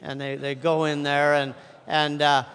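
A man's voice: fairly high pitch, monotone, a little slow, a bit bright, smooth. A man speaking from a stage at a church event, telling a story in a chatty, joking way with plenty of fillers and restarts. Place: large hall, on a stage. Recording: long hall reverb.

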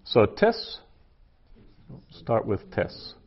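A man teaching a class, working through a translation aloud in a halting way with many fillers. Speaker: Greek teacher. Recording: dull lo-fi classroom recording.

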